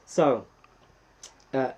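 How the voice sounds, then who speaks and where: A man with an English accent hosting a casual live stream, reading the chat and giving playful shout-outs to viewers. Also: drawn-out words.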